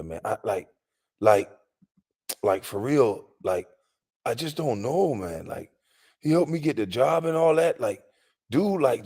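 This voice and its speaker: A man's voice: lowish voice, a little mellow, slightly rough. A man hosting a casual comedic livestream, rambling with lots of fillers and frequent laughter. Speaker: livestream host. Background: faint music in the background.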